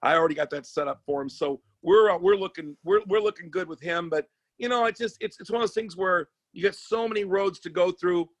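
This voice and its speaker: A man who works as a sports agent and comedian, telling stories in casual chat, animated and profane, with many restarts. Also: sits high, a little fast, no room sound.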